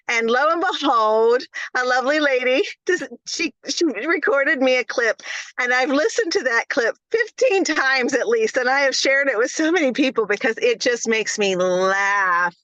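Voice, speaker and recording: A woman nurse, a guest on a podcast, telling animated stories with laughs. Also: a little high, moderate pace, no echo, muffled recording. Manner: animated storyteller, laughs, fillers. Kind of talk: podcast interview.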